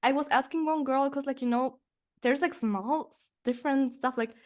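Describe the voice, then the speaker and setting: A woman's voice: high voice, moderate pace, a little mellow. A woman hosting a dance podcast, chatting casually and rambling with lots of filler words. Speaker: podcast host. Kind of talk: casual chat.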